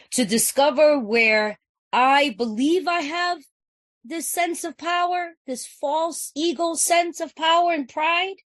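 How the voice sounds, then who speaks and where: A woman's voice: high-pitched, dry recording. Earnest woman sharing at a recovery meeting. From California. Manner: earnest, repetitive, conversational, with frequent "you know what I'm saying". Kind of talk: personal share at a recovery meeting.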